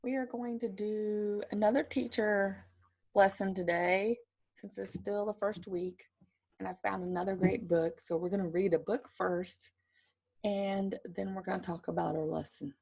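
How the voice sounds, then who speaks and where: A woman's voice: mid-range voice, steady tone, darkish tone. A woman teacher giving an online drawing lesson to children, reading a picture book aloud and chatting. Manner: slow and chatty, gravelly. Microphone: computer screen share.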